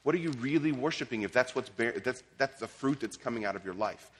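A man's voice: mid-range voice, expressive, brisk, husky. A man preaching a sermon as pastor, conversational, with restarts and casual asides. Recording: long hall reverb.

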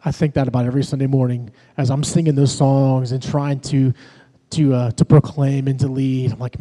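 A man's voice: medium pitch, level tone, normal speed, warm tone. A man, a pastor and worship leader, preaching a sermon in a conversational way, telling personal stories to his congregation. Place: church sanctuary. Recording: long reverb of a large hall.

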